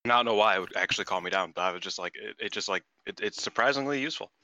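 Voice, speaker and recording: A man with a lowish, bright voice co-hosting a podcast in loose, rambling casual chat. He trails off and restarts often. The recording is dry and close-miked. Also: racing, dry recording, poor audio. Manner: loose and rambling, talks while eating. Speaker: podcast co-host.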